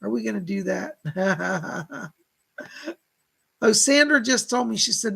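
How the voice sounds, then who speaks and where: Male psychic host, casual live reader, gravelly and husky tone, chatty with viewers. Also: high voice, expressive, takes it slowly, long pauses, fairly bright tone, low-quality recording. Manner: chatty, reads out viewer comments, laughs often. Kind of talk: casual live-stream reading.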